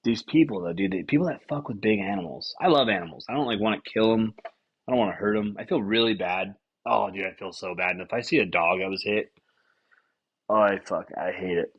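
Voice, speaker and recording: A husky young man with a lowish voice riffs on whatever comes to mind, swearing freely and jumping into little acted-out lines. The sound is slightly dull and lo-fi. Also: a little fast. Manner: rambling, profane, animated with acted-out quotes. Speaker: podcast host. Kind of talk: casual comedic monologue.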